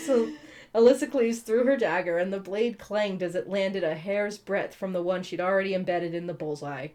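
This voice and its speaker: A woman's voice: mid-range voice, moderate pace, a little mellow. A woman co-hosting a comedic book read-along, reading aloud with profane, laughing asides.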